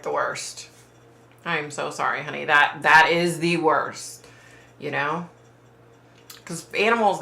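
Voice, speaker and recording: Low-voiced woman hosting a chatty livestream. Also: creaky, sharp tone. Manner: chatty and sympathetic, trailing off with fillers. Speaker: livestream host reading viewer chat. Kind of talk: casual live chat. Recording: roomy echo.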